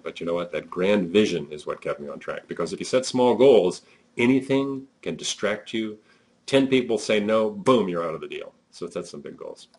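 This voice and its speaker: Deep husky man giving a motivational talk. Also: darkish tone. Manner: conversational and emphatic, with frequent fillers. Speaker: network marketing trainer.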